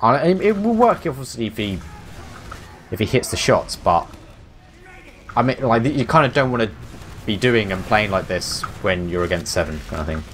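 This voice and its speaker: A low-voiced man breaks down the plays as esports co-caster, thinking aloud in a loose, casual way. A faint hum sits under his headset mic. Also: moderate pace, long pauses, a bit bright. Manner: casual analytical, frequent "like" and restarts. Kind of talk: color commentary.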